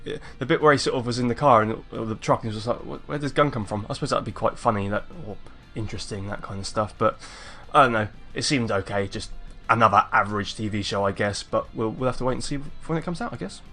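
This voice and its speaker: A man's voice: lowish voice, fast talker, few pauses, sharp tone, faint music behind. A man from England with an English accent, chatting casually as a video reaction host. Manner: laid-back, chatty, meandering.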